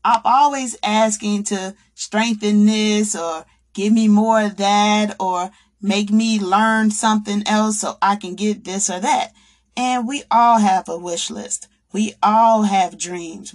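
Woman, podcast host, preachy, faith talk, acts out complaints. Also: medium pitch. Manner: preachy, addresses listeners as brothers and sisters; acts out quoted complaints in a raised voice. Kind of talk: faith-based motivational talk.

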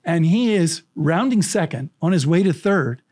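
A middle-aged man spinning animated anecdotes as a podcast guest. His voice sits a little higher than most men's, and he jumps into quoted lines and breaks into frequent laughs. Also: moderate pace. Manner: lively, acts out quotes, laughs often. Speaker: storytelling coach, podcast guest.

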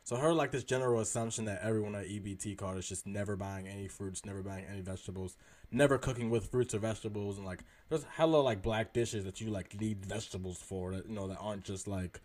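A man's voice: fairly low pitch, quick pace, darkish tone. A man co-hosting a podcast, talking things through thoughtfully with lots of "like". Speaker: podcast co-host. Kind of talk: casual podcast chat.

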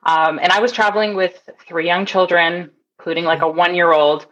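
Lowish-voiced woman telling a story. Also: a little fast, lo-fi sound. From Toronto, Canada. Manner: animated storyteller, acts out quotes. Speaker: guest, nurse. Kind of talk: casual interview storytelling.

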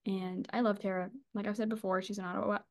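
A woman's voice: mid-range voice, little pitch movement, fast talker. A woman co-hosting a casual book podcast, gushing and chatty, swearing and laughing as she talks. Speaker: podcast co-host.

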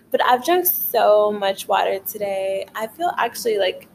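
Tired but wired, a young woman talks casually into a late-night vlog from her bedroom, wandering off topic, cursing, and saying "like" over and over. She speaks slowly in a mid-range, creaky, darkish voice with lively intonation. It's a rough recording with a bit of background noise.

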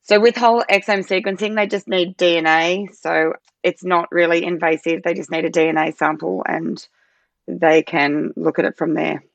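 A woman's voice: lowish voice, fairly even intonation, moderate pace, vocal fry, no room sound, highs cut off. A woman in her thirties, a guest on an interview podcast, explaining things earnestly with many "you know"s and "I suppose"s. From Australia. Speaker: podcast guest, parent advocate. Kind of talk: casual interview talk.

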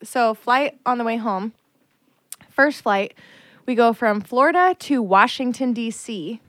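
A woman's voice: fairly high pitch, lively intonation, a little slow, no room sound. A young woman co-hosting a casual podcast, telling a long story in a chatty way full of fillers. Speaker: podcast co-host. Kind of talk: casual chat.

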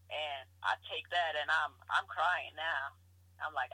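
A woman with a husky, very bright and forceful voice tells her own story in a relaxed interview. She is animated, laughs often and acts out the lines of the people in it. The sound is close and dry. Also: low voice, takes it slowly, dry recording, low-quality recording. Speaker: guest.

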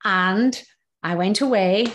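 A woman speaking as a podcast guest tells a personal story openly and in a casual way. Her voice sits at a middle pitch, and she often restarts her sentences as she goes. She gets animated at the vivid parts. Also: slow.

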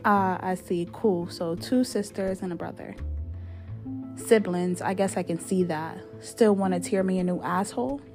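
A woman's voice: on the low side, normal speed, music in the background, natural voice. A woman doing a sheepish, flustered young man. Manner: rambling, sheepish apologies.

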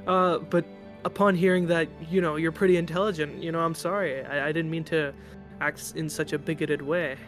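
Halting male player, a bit higher voice. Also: fairly even intonation, over music. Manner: hesitant, halting with many fillers. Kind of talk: in-character role-play.

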